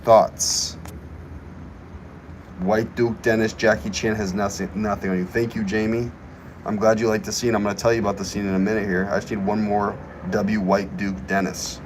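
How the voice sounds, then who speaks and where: Speaking fast in a lowish voice with little pitch movement, a young man hosts a casual livestream from a location he names. The low-quality recording has a little hiss or hum as he reads chat aloud and hypes himself up with playful bits.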